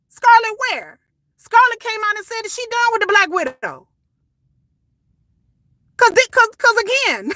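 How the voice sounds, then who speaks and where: A woman, ranting casually to her viewers, sassy and animated, swearing and repeating words as she goes. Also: very high voice, normal speed, pauses often, dry recording. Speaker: commentary vlogger. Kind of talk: casual opinion rant.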